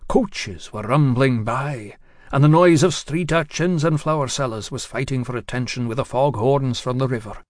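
A man's voice: medium pitch, no room sound. Confiding male storyteller, dry close recording. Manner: measured and confiding, addressing the listener directly. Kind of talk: story narration in first person.

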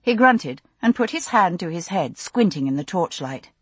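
A woman narrating a novel in the first person, with expressive, dramatic storytelling. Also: lowish voice, moderate pace, slightly rough, no echo. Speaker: audiobook narrator.

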